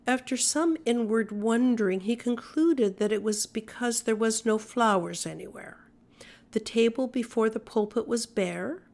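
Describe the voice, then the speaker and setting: A woman reading an old-fashioned story aloud in a measured, even storytelling manner. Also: medium pitch, creaky. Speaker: audiobook narrator. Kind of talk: scripted narration.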